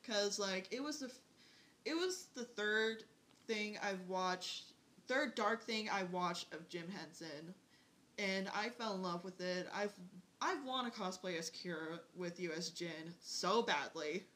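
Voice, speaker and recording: A woman guest on a podcast, chatty and bubbly, who says herself that once she starts talking it is hard to stop. Her voice sits at a mid pitch. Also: unhurried, a bit bright. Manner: chatty, bubbly, talks a lot. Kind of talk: casual chat.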